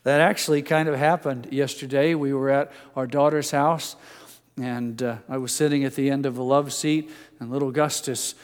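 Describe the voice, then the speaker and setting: A man's voice: fairly even intonation, normal speed, clean tone. Older male pastor in a reverberant hall. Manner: gentle storytelling, drops soft and low for quotes. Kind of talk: sermon with personal stories.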